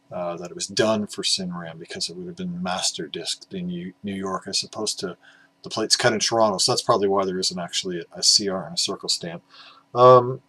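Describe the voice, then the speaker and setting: Guy w a lowish voice rambling casually about his records, lots of uhs, bit sweary. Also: fairly bright tone, poor audio. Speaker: record collector vlogger. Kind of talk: casual vlog talk about vinyl records.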